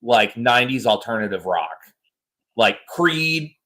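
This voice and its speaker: A man in his thirties co-hosts a podcast, telling stories in a loose, exaggerated, animated way during casual chat. His medium-pitched voice moves at a measured pace, and the audio quality is poor.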